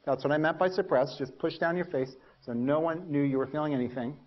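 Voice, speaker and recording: Guy lecturing at a university, kinda high voice, animated, jokes about himself a lot, slightly muffled recording. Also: brisk. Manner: animated storytelling, acts out his past thoughts; self-mocking humor. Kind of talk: lecture with personal anecdotes.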